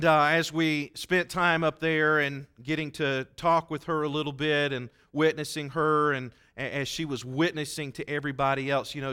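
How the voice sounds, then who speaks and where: Male pastor, sermon storytelling, bright tense tone, smooth resonant voice, folksy. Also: mid-range voice. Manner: conversational, folksy, acts out quoted voices.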